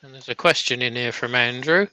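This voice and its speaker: A man's voice: medium pitch, brisk, sharp tone, clean tone, no room sound, poor audio. A man with a bad cough, co-hosting a live stream from an office, reading out viewer comments with chatty, teasing banter. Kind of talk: casual live-stream chat.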